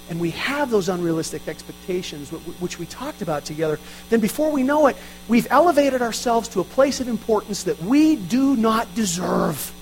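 A man's voice: extremely high pitch, poor audio. A male pastor preaching a sermon, earnest and emphatic, with self-deprecating asides. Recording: faint mains hum.

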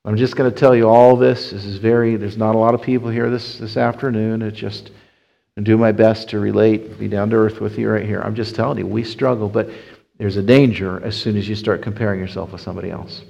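A man's voice: lowish voice, little pitch movement, brisk, vocal fry, mellow, highs cut off. A man preaching in a church, talking in a conversational way, restarting phrases often as he explains. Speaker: pastor. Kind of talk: sermon.

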